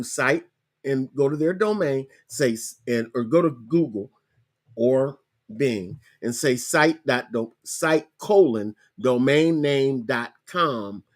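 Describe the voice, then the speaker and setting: A man hosting a podcast, casually walking viewers through a screen-share tutorial, repeating himself and spelling things out slowly. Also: on the high side. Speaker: podcast host.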